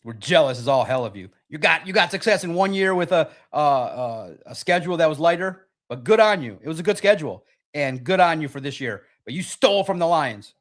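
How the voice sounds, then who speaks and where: A man hosting a live-stream sports talk show, reading chat and talking in an animated, sarcastic, rambling way. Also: a little high, brisk, hardly any pauses.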